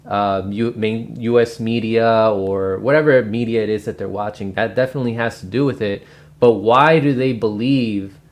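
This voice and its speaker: A man hosting his own channel, recommending and explaining a book in a loose, casual way with lots of fillers and restarts. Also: fairly low pitch. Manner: rambling, many fillers and restarts. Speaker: book review host. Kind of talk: casual spoken book review.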